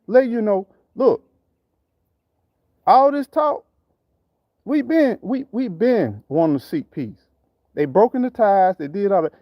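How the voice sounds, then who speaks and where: Aave-speaking man going off on a commentary rant, preachy, repeats himself, mellow dark tone, dry room. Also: sits high, dry recording. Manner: preachy, repetitive, street slang. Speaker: channel host. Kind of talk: impassioned commentary.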